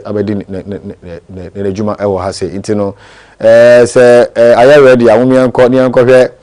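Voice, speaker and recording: A man's voice: lowish voice, darkish tone. A man hosting a TV morning show, talking conversationally.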